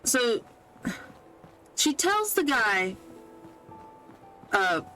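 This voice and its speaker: A woman's voice: fairly high pitch, sing-song, extremely slow, pushed and bright, soft background music, low-quality recording. A woman podcast host casually recapping a movie while playing a video game, sarcastic and full of swearing, laughing often.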